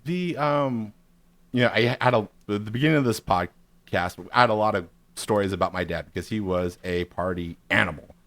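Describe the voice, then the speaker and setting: A man's voice: fairly low pitch, normal speed, a bit bright, no room sound. A man in his forties telling a rambling, profane, self-mocking story on a podcast. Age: 40s. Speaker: podcast co-host. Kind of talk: casual storytelling.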